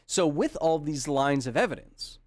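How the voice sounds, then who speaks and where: A man's voice: on the high side, animated, normal speed, no room sound. A man hosting a science podcast, chatting casually and joking while answering viewer comments. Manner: enthusiastic, jokey, reads chat comments aloud. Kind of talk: casual livestream Q&A.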